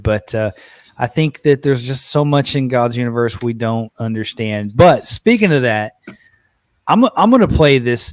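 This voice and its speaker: Excitable man hosting a live podcast. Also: mid-range voice, dry recording. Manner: excitable, repeats words and restarts often. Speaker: podcast host. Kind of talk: casual live-stream chat.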